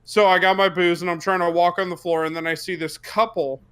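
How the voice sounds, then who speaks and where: High bright excitable podcast man. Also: fairly quick, clear, resonant tone. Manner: profane, excitable, shouts quoted lines. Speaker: podcast co-host. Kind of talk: casual storytelling chat.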